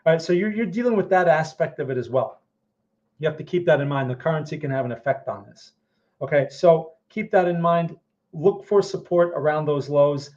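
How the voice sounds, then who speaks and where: A man talking through stock charts in a loose, conversational way, pitched a little higher than most men. He keeps checking in with his listeners as he goes. The sound is dull and lo-fi. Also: animated, fairly quick, a little mellow. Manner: conversational, frequent "right?" and "okay?" check-ins. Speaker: trading educator answering viewer questions. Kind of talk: casual livestream market commentary.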